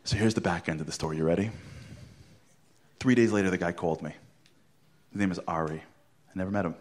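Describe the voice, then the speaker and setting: A middle-aged man tells a story to a crowd, with a slightly low voice. He acts out every line of dialogue with theatrical flair and swings from loud bursts down to near whispers. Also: a little fast. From Brooklyn, New York. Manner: theatrical, acts out dialogue, drops to a hush for punchlines. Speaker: motivational speaker. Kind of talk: animated storytelling talk.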